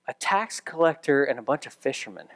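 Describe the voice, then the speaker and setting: A man's voice: medium pitch, sing-song, a little fast. A man preaching a sermon as pastor, conversational with dry humorous asides, building to emphatic raised repetitions.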